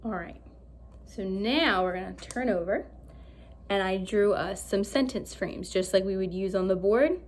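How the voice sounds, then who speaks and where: A woman teaching an early-grade reading lesson, speaking slowly and clearly with lively questions for the children. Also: medium pitch, slight background noise. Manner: animated, slow and clear, asks pupils questions.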